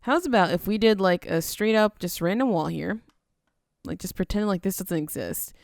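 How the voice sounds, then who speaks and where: A woman's voice: medium pitch, expressive, normal speed, creaky, no room sound, clean studio sound. Chatty woman narrating her game. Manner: chatty, self-talking, playful, jokey. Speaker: gaming video host. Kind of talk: casual game commentary.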